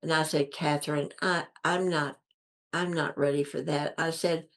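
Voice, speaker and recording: An older woman with a deep, low-set voice recounts her own story for an interviewer. She speaks earnestly and with emphasis, repeating key phrases and lifting her voice to play out what others said. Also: steady tone, moderate pace. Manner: earnest, acts out quoted dialogue with lifted voice. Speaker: guest.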